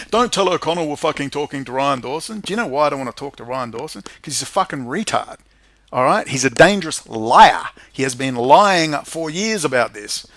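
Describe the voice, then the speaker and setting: A man's voice: fairly high pitch, pushed and bright, no room sound. A man hosting his own online show, delivering an angry, profane, rambling monologue. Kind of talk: ranting monologue.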